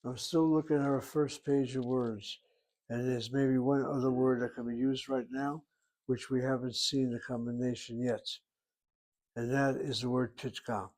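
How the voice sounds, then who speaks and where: A man teaching a language lesson, patiently explaining and repeating words slowly so learners catch the pronunciation. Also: medium pitch, fairly even intonation, darkish tone. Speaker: Hebrew teacher.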